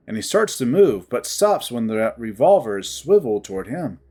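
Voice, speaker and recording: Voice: mid-range voice, very animated, moderate pace, hardly any pauses, darkish tone, soft background music. A narrator giving a dramatic first-person reading of a visual novel.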